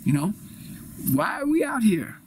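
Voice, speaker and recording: A man's voice: high voice, very animated, a little slow, darkish tone, a little hiss or hum. A man playing an earnest, preachy nature guide. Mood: placating. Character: earnest male nature guide, would-be peacemaker. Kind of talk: improvised comedy.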